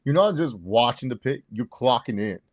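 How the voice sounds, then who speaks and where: This sports podcast co-host has a medium-pitched, expressive voice and talks at a moderate pace. The chat is casual and rambling, full of repeated words and laughter at his own expense.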